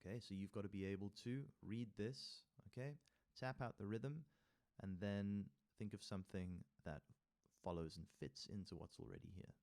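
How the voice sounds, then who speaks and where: Male music theory tutor, low voice, mixes reading aloud with casual remarks and counts rhythms out. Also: fairly even intonation, moderate pace, few pauses, darkish tone. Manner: reads text aloud, then adds casual asides and taps rhythms with sung syllables. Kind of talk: tutorial walkthrough reading from a workbook.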